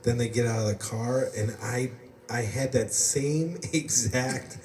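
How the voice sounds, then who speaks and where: A man's voice: medium pitch, unhurried, darkish tone. A man from the United States hosting a podcast, telling rambling stories in casual chat and laughing often. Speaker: podcast host. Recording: roomy, distant mic, faint background noise.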